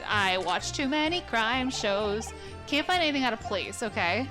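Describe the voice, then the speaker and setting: A woman's voice: on the high side, expressive, measured pace. A woman hosting a let's play, giving chatty, joking commentary and reading the game text aloud. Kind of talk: casual gameplay commentary. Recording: game music playing behind.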